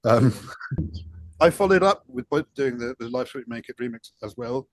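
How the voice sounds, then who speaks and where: A man's voice: medium pitch, lively intonation, normal speed, no room sound. Rambling, self-mocking man in dry sound. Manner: rambling, self-deprecating, swears freely, many fillers. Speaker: interview guest, music producer. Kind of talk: casual storytelling interview.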